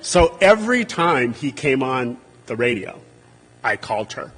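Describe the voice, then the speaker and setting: A man's voice: mid-range voice, a little slow, husky, long reverb tail. A man giving a humorous, anecdotal eulogy for a friend and colleague at a memorial service, livening his stories by acting out what people said. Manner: humorous, animated when quoting others.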